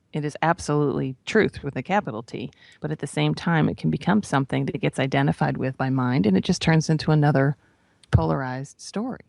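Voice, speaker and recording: A woman shares a personal story during a spiritual talk, speaking casually and checking in with her listeners. Her voice has a gravelly edge, and it is recorded dry, with no room sound. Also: low-pitched, no room sound. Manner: conversational, often adds "right?" and "you know". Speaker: spiritual teacher. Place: radio broadcast.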